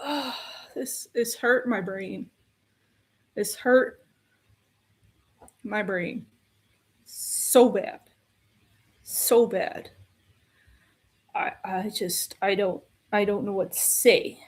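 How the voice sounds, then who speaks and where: A woman's voice: mid-range voice, extremely slow, long pauses. A woman giving an exasperated, ranting film review, repeating her complaints in a casual tone.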